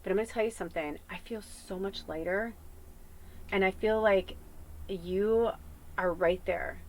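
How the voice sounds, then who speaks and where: A woman's voice: medium pitch, a little slow, slight background noise, low-quality recording. Earnest rambling woman doing a psychic reading. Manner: earnest, emotional, rambling with many fillers. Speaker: psychic tarot reader. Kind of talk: channeled collective reading.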